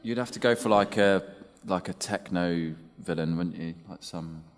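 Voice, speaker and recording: A young male actor on a convention panel, bantering and joking with fans. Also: low-pitched. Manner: jokey, quick banter. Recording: long hall reverb.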